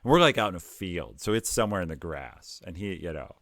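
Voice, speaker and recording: A middle-aged man from Ohio speaks in a fairly low voice as a podcast guest. He tells his stories calmly and evenly, pausing with frequent fillers. The sound is close and dry, with no room around him. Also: dry recording. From Ohio, United States. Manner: calm, measured, hesitant with fillers. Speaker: podcast guest, tech executive. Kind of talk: conversational storytelling.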